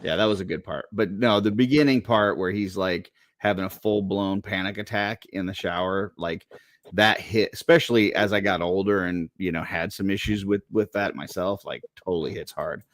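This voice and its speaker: A man co-hosting a casual live stream, rambling in a relaxed way, laughing often as he reads viewer comments. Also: low-pitched, normal speed, no echo, studio quality. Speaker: co-host reading viewer comments.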